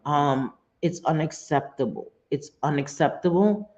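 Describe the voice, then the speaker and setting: A woman's voice: low-pitched, unhurried, over a noisy crowd. A middle-aged woman hosting a casual live stream, talking in a rambling, blunt, profane way. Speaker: livestream host. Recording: dull lo-fi stream audio.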